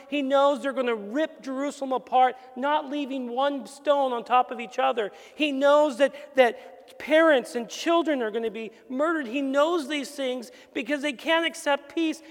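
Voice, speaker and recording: High-voiced man preaching in a reverberant hall. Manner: earnest preaching, rhetorical questions, acts out quoted voices. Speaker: pastor. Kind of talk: sermon. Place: church sanctuary.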